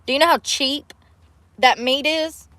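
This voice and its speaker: A woman's voice: sits high, fairly even intonation, measured pace, pushed and bright, dry recording. A woman hosting a casual livestream, talking bluntly to her chat, swearing freely and laughing often. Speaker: livestream host. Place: in a vehicle.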